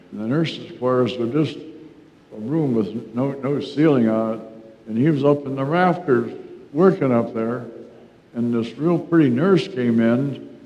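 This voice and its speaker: A man's voice: mid-range voice, a little mellow. An older man telling rambling local history anecdotes at a library talk, folksy and chuckling, with many restarts. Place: library meeting room. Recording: roomy reverb, dull lo-fi sound.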